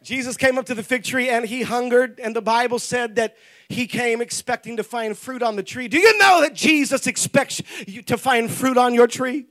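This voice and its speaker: A man preaching a lively sermon with humor, laughing often, shouting for emphasis and acting out the people in his stories. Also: very high voice, normal speed. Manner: acts out quoted voices.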